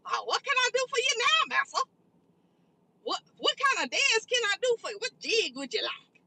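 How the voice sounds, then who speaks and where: A fawning elderly lady with a high, bright, simpering voice, eager to please and pleading at every turn, as a ranting woman puts her on. Her voice sits up high and sharp. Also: sing-song, normal speed, slight background noise, heavily acted. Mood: mocking.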